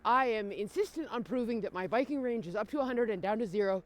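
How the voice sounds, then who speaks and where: A woman's voice: mid-range voice, animated, brisk. A woman comedian from Minnesota talking casually to camera while biking outdoors in freezing cold, teary-eyed and wry, swearing casually. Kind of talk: casual vlog talk to camera.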